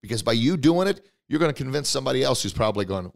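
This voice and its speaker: A man hosting a motivational podcast, coaching listeners directly with excitement and bursts of emphatic shouting. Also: medium pitch, racing, creaky. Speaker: podcast host.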